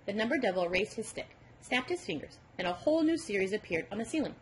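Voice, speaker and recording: A woman narrating a storybook aloud in an expressive, storytelling way. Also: mid-range voice, a little fast, slightly rough. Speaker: audiobook narrator.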